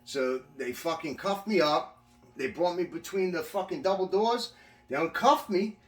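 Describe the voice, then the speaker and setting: A man with a fairly high voice tells rambling, profane stories in a casual way, often restarting his sentences. He sits back from the mic, and his voice echoes around the room. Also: normal speed, recorded from a distance. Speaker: vlogger recounting his prison time. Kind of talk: casual storytelling.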